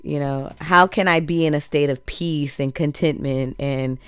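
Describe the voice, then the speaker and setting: Podcast cohost, smooth voice, dry sound, mid pitch. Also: steady tone, unhurried, a bit bright, no room sound. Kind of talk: casual chat.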